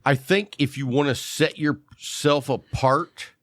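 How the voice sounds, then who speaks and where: A man's voice: on the high side, slow, no echo, clean studio sound. A man, co-hosting a casual podcast chat and teasing his co-host with jokes. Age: 50s. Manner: joking, teasing, wisecracking. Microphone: studio mic.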